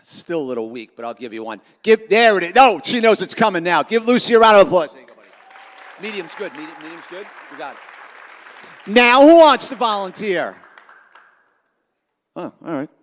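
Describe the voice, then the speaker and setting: A middle-aged man giving an energetic, self-mocking motivational talk to students at a school assembly. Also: high-pitched, moderate pace, pauses often, some chatter behind. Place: large school auditorium. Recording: long auditorium reverb.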